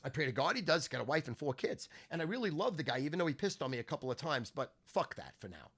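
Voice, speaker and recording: A middle-aged man hosting his own podcast, ranting crudely and profanely, swinging from low grumbling to shouting, his voice going hoarse. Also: lively intonation, very fast. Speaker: sports handicapper and podcast host.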